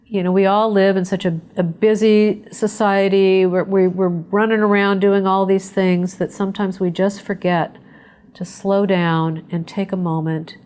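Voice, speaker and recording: A woman therapist speaks gently and conversationally as she leads a webinar. She guides listeners through a calm mindfulness exercise in a voice of ordinary pitch for a woman. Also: a little slow, smooth. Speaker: psychotherapist leading a survivorship webinar. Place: indoors, remote webinar.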